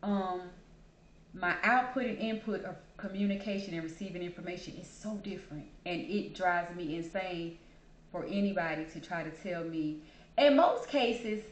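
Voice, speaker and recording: Chatty woman host in an echoey room. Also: medium pitch. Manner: chatty, animated, repeats herself, calls listeners "baby". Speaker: podcast host. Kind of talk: casual personal monologue.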